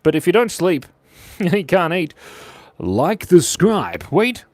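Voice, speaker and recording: A man's voice: high voice, wildly swooping pitch, slow, a little mellow, no echo. A man hosting a casual livestream, chatting with viewers while he draws, joking and rambling with frequent laughs. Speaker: channel host and animator.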